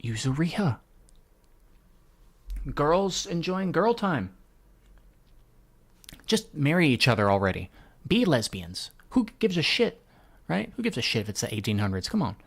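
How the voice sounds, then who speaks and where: A man giving casual, excitable reaction commentary while reading a manga, swearing freely and laughing often. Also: a little high, measured pace, pauses often, husky.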